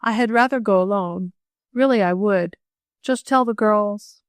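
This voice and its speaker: A woman's voice: unhurried, clean tone, dry recording, close to an everyday voice. A woman voicing a shy, tearful teenage girl who stammers and hesitates, in an audiobook reading. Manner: stammering, hesitant, low-voiced.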